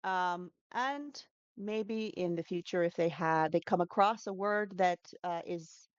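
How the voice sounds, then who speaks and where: A woman's voice: fairly low pitch, measured pace, smooth, dry recording, highs cut off. A woman who teaches English, talking through pronunciation tips in a casual interview, explaining patiently and demonstrating sounds with frequent fillers.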